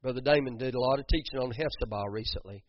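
Fervent pastor preaching. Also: male voice, medium pitch, fast, lo-fi sound, slight background noise. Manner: fervent, repeats phrases for emphasis, many restarts. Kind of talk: sermon.

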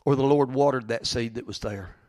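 A middle-aged male pastor preaching a sermon, dropping to quiet, hushed lines and then rising to loud, fervent preaching. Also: mid-range voice, brisk, no echo, clean studio sound.

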